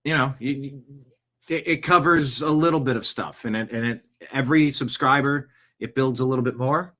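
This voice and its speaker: A man hosting his own news podcast, talking off the cuff. He rambles through restarts and asides, then drops in a joke. His voice sits at an ordinary middle pitch. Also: moderate pace, bright, forceful tone. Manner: rambling, jokey, slips into silly voices. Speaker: podcast host. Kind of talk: casual news commentary.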